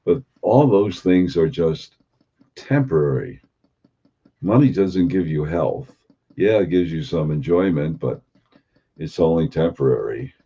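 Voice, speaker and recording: A man giving an unhurried spiritual talk as a teacher, posing and repeating rhetorical questions. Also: rumbling low, expressive, dark tone, husky. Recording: dull lo-fi recording.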